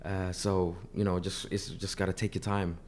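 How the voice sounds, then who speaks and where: A man who has lost his voice speaks hoarsely as an interview guest, earnest and often repeating words as he starts a sentence. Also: deep voice, flat delivery, moderate pace, darkish tone, slight background noise. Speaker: artist manager, guest. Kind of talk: casual interview talk.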